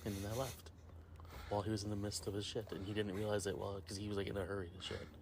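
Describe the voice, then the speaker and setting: Animated storytelling man, faint hiss. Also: quick pace. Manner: animated, jumps into high squeaky voices when quoting people. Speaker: podcast co-host. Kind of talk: casual storytelling chat.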